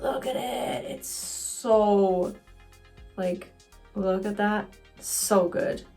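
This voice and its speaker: A woman chatting casually through a makeup tutorial, excitable and quick to swear. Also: mid-range voice, soft background music. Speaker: cosplayer doing a makeup tutorial.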